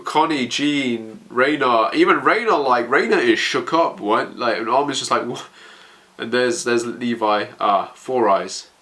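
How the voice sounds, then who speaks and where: A man's voice: medium pitch, normal speed, few pauses, pushed and bright. A man emotionally reacting as he reads a manga chapter aloud, stammering and narrating what happens.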